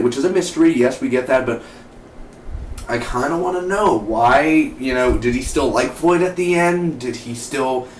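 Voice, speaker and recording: A man casually reviewing a TV episode, rambling and enthusiastic, with lots of fillers and "dude" and "man". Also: mid-range voice. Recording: roomy echo from far off the mic, light hiss.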